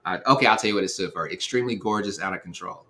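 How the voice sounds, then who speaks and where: A man in his thirties telling a personal story in a relaxed, slangy way, acting out the quotes as he goes. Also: low-pitched, very fast. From Seattle area, USA. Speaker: speaker sharing life advice. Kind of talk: storytelling talk.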